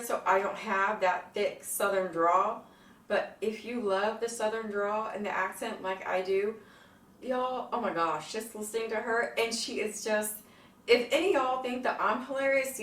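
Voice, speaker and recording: A woman hosting her cooking channel in a casual, bubbly vlog, excitable and swearing freely. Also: mid-range voice. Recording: echoey room, mic at a distance.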